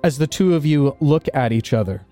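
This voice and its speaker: A man narrating a tabletop role-playing game as dungeon master, describing scenes slowly with small hesitations. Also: on the high side, animated, warm tone, faint music behind.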